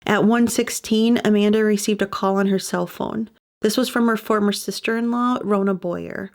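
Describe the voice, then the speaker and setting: A woman's voice: mid-range voice, steady tone, moderate pace, a little mellow. A woman hosting a podcast, reading scripted true-crime narration with sympathetic personal asides. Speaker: podcast host.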